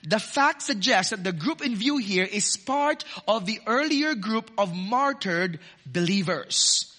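A man's voice: high-pitched, expressive, a little slow, pushed and bright. A man preaching a sermon to a congregation, explaining a passage point by point and putting questions to the listeners. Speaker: pastor. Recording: long hall reverb.

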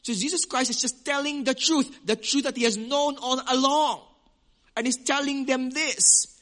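A man preaching a sermon in an animated way, acting out small scenes and stretching key words slowly for emphasis. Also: extremely high pitch. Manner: animated, acts out little scenes with quoted voices. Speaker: pastor.

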